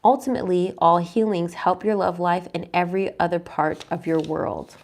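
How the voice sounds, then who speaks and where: In a voice on the low side, with fairly even intonation and a moderate pace, a young adult woman reads tarot casually. She reassures as she chats and quietly poses her questions to the cards aloud.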